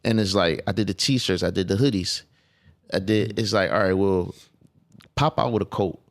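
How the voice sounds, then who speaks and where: A man's voice: low-pitched, moderate pace. A man talking as a guest on a podcast, casual and emphatic, with profane streetwise phrasing. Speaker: clothing designer guest.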